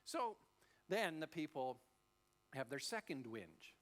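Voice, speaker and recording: A man preaching a sermon as a pastor, telling the story in a lively way and acting out the voices. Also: on the high side, takes it slowly. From Australia.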